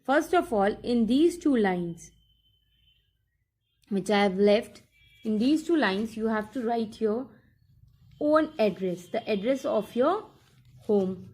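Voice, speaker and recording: A woman teacher explaining workbook exercises in a recorded lesson, slowly and step by step, repeating her instructions. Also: a little high, animated, dark tone.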